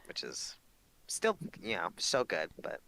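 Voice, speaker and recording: His voice is deep and gravelly, slow-paced, on a dry recording. He's a young man co-hosting a podcast, telling stories animatedly in casual talk and swearing often.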